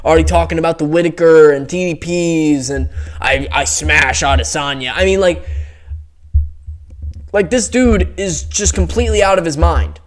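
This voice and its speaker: Exasperated young man ranting, pitched a bit high. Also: normal speed. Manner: heated, profane, exasperated ranting. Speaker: MMA commentary YouTuber. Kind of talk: casual ranting commentary.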